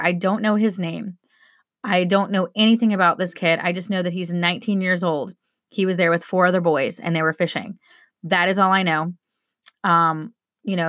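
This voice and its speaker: Woman in her thirties, low-pitched, choked up and halting, close dry recording. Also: sharp tone, no echo. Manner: shaken, halting, with many fillers and restarts. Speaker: vlogger. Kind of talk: emotional personal account to viewers.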